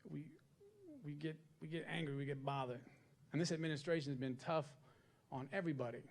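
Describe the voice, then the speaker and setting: A man's voice: fairly high pitch, fairly even intonation, brisk. A man doing a stand-up comedy set on stage, chatting and checking in with the crowd for agreement. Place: stage at a live comedy event.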